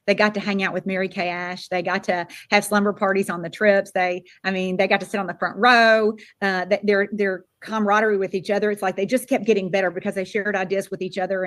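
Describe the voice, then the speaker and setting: Older woman telling an animated story. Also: medium pitch. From Florida. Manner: animated, acts out quoted dialogue. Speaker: sales director giving a keynote talk. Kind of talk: motivational storytelling speech.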